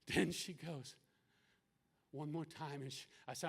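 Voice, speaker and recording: A man's voice: on the high side, gravelly, husky. Impassioned man preaching in echoing hall. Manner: swings from hushed storytelling to loud impassioned pleading; halting, repeats words and restarts. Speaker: speaker at a concert. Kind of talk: emotional sermon-style testimony. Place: live event venue.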